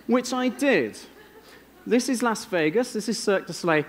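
A man's voice: high-pitched, lively intonation, moderate pace, slight background noise. An English man giving a keynote talk on a conference stage, telling wry, self-deprecating stories. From England. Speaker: conference speaker. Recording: long reverb of a large hall.

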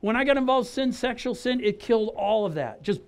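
High-voiced middle-aged man telling his testimony. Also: brisk, smooth. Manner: animated, conversational, acts out quotes, frequent "right?". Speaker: guest speaker giving testimony. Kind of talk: personal testimony storytelling. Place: outdoor church service in a park.

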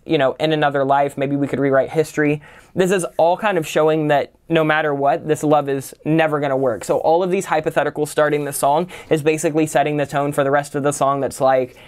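A man with a slightly high, clear, resonant voice teaches songwriting in a casual tutorial. He's relaxed and loose, filling his sentences with "kind of" and "like."

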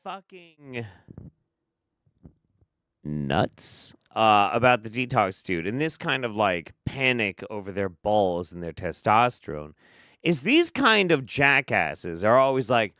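Male host, sarcastic commentary, swearing, lively swings in pitch, dry close sound. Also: takes it slowly, no room sound. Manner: profane, mocking, swings between muttering and loud outbursts. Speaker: host reacting to clips.

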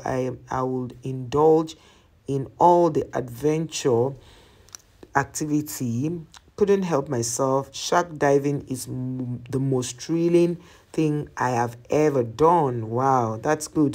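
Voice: medium pitch, measured pace, darkish tone. Host chatting through viewer comments. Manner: chatty, reacts to each comment and explains it to the listener. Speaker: travel channel host.

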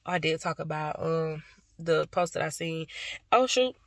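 Young woman, vlogger, chatty, affectionate, tired, gravelly voice, dry close sound. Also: deep voice, animated, moderate pace, no room sound. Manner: chatty, affectionate, addresses viewers as y'all. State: tired after work. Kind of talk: casual vlog chat to viewers.

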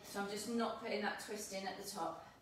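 A woman's voice: mid-range voice, brisk, background noise. A woman working out alongside the trainer, with brief questions and casual replies. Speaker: workout partner. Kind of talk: casual chat during workout. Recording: echoey room, mic far off.

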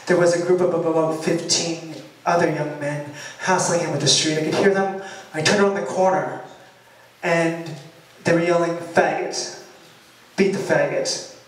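Male storyteller at a live party, high voice, dramatic retelling, distant mic in a very echoey room. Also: normal speed. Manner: animated, dramatic retelling with quoted shouts. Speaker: singer telling a story before his song. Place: party loft at a bookshop, live event.

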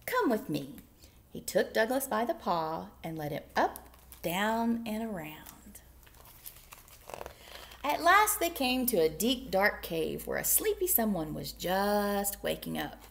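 A woman who is a children's librarian, reading picture books aloud in an animated, sing-song way that often drops into whispers. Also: mid-range voice, takes it slowly, gravelly. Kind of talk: storytime read-aloud.

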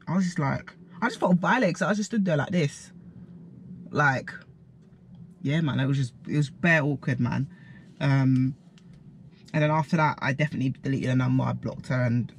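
A man's voice: mid-range voice, normal speed, vocal fry, a little hiss or hum. A young man, telling a story in slangy, chatty vlog style with quoted asides. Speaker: vlogger. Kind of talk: casual storytime.

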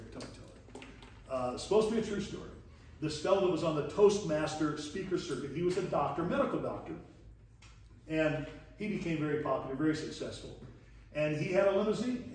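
A man's voice: a little high, a little hiss or hum. A man teaching a leadership lesson as a pastor, telling stories in a folksy, chuckling way and acting out the dialogue. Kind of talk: storytelling sermon lesson. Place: church hall. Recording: echoey distant church room recording.

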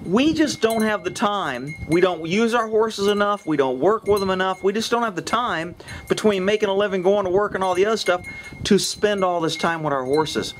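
A man's voice: sits high, normal speed. Blunt cussing horse guy ranting outside, wind blowing right into the mic, chimes tinkling behind. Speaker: horse trainer, channel host. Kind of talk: casual outdoor vlog talk. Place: outdoors by a horse pasture. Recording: wind hitting the microphone.

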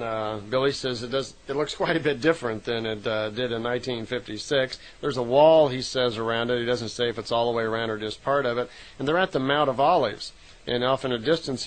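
A middle-aged man casually retelling a long story, relaxed, with frequent fillers and self-corrections. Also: medium pitch, rough recording. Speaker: lecturer retelling a contact story.

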